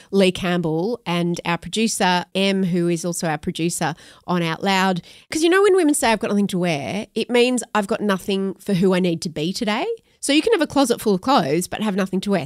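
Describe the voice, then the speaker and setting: Australian woman, podcast co-host, mid-pitched voice, enthusiastic, dry close mic. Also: no room sound. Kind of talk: casual chat.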